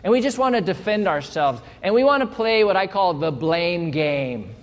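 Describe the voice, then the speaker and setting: A man preaching a sermon as a pastor, lively and playful, acting out little exchanges to make his points. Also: high voice, moderate pace. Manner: animated, playful, acts out little quoted exchanges. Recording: hall reverb.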